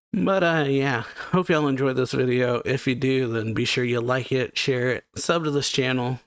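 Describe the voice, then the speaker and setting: A man's voice: medium pitch, a little slow, clean tone, no room sound, studio quality. A man hosting a comic reaction video, chatting casually and laughing often. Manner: laughs often, loose, lots of fillers.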